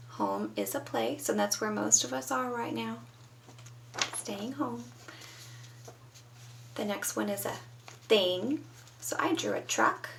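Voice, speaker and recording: A woman's voice: mid-range voice, vocal fry, recorded from a distance, a little hiss or hum, rough recording. A woman teaching young children from home, patiently prompting them to answer. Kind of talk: children's lesson.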